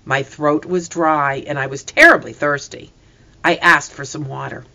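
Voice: mid-range voice, moderate pace, vocal fry, dull audio. A storybook narrator reading aloud expressively, acting out the characters' lines as well. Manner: expressive, reads characters' voices.

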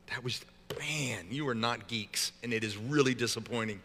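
A man's voice: medium pitch, big pitch swings, normal speed, hardly any pauses, sharp tone, in a large hall. A man preaching a sermon as pastor, talking in a casual, joking way with frequent stumbles and restarts. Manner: conversational and joking, with many repeated restarts.

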